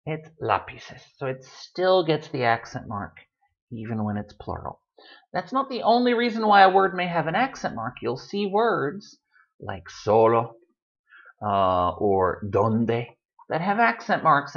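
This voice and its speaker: A man teaching a language lesson, patiently explaining and slowly repeating example words for emphasis. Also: mid-range voice, a bit bright. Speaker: Spanish tutor. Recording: dull lo-fi audio.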